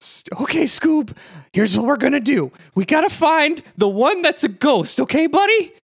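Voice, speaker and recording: A man voicing a laid-back, easily scared young male sidekick with a high, whiny drawl. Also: very animated, normal speed, creaky, heavily acted. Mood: coaxing.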